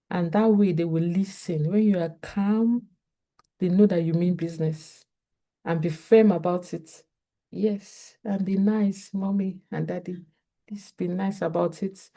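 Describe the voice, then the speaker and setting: Earnest woman with a very mellow voice. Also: fairly low pitch, fairly even intonation, a little slow. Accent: Nigerian English. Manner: earnest, repeats key points, addresses parents directly. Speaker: parenting advice vlogger. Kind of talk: direct-to-camera advice talk.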